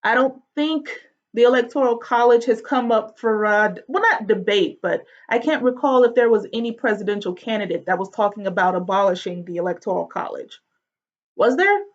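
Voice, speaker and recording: A woman's voice: a little high, brisk, lo-fi sound. A woman giving a casual lecture, chatty and slangy, often asking the class questions.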